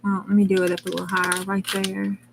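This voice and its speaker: A woman's voice: mid-range voice, completely flat delivery, quick pace, vocal fry, background noise. Folksy woman crafting live. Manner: rambling, folksy, talks to the chat as she works. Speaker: crafting livestream host. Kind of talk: casual chat while crafting.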